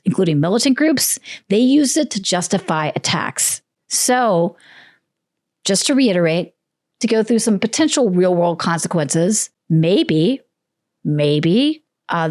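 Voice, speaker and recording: A woman hosting a book commentary show, talking through a script with sarcastic asides and lively emphasis. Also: medium pitch, no echo, clean studio sound.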